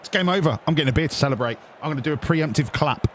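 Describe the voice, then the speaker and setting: A man's voice: mid-range voice, very fast, noisy background. A young man streaming a football management game, talking casually with viewers and cheering his players, swearing often. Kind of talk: casual live-stream commentary.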